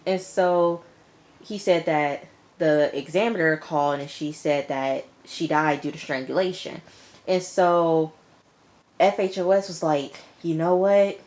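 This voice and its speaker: Woman, lowish voice, chatty episode recapper, talks straight to viewers, acts out lines. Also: a little slow. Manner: chatty, addresses listeners as y'all and girl; animated, acts out characters' lines. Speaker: TV episode reviewer.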